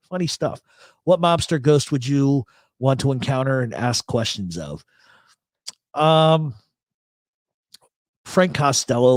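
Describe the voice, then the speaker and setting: A middle-aged man hosts a late-night livestream and reads the chat. He tells rambling, profane, joking stories with a lively, swinging pitch. He is recorded dry and close, with no room sound. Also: dry recording. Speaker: host. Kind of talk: casual livestream chat reading comments. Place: apartment in a big city.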